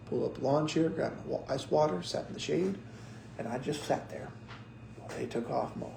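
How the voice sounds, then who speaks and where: A young man, a pastor, telling lively stories in a casual sermon and acting out what people said. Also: medium pitch, a little fast, gravelly, echoey room, a little hiss or hum, poor audio. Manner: animated storyteller acting out quotes.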